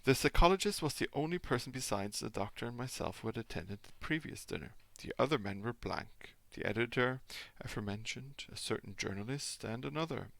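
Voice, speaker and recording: A man's voice: medium pitch, expressive, brisk, vocal fry, few pauses, a bit bright, no echo. A man whose first language is German, a father reading a classic novel aloud expressively, with occasional small slips.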